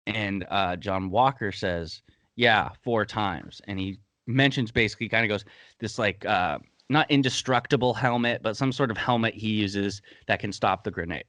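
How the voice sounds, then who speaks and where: A man's voice: fairly low pitch, fairly bright tone, no room sound. A man hosting a casual podcast, breaking down a TV episode in a heated, blunt way and swearing freely. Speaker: podcast host.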